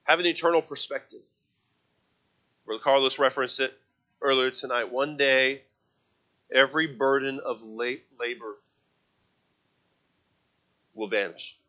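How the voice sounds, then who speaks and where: A man preaching a sermon to a congregation, swinging from quiet, conversational stretches to loud, impassioned calls with repeated words. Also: medium pitch, fairly even intonation, unhurried, pauses often. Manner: asks the congregation to read aloud with him. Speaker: pastor.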